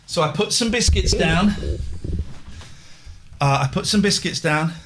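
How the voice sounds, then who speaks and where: A man hosting a call-in radio show in casual chat, sometimes whispering softly and out of breath. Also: sits high, animated, measured pace, noisy background. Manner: whispers and coos softly to an animal in the garden. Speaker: radio host.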